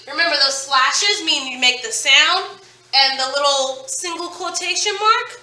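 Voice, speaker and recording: Bright-voiced woman teaching phonics. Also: high-pitched, far from the mic. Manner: upbeat, chatty, drawn-out modeling of words. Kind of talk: online phonics lesson. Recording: echoey room, voice a bit off-mic.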